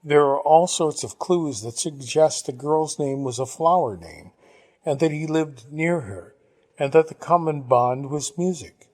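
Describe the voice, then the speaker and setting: A man reading a novel aloud, narrating in the first person at a measured pace. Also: on the high side, animated, a little mellow. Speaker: audiobook reader.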